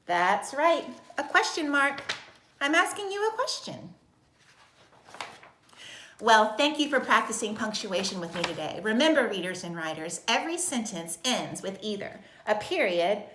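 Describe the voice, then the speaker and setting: A woman teaching a recorded kindergarten lesson in a slow, sing-song voice with exaggerated expression. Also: medium pitch, lively intonation, sharp tone, roomy sound, a little hiss or hum. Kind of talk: recorded video lesson for young children.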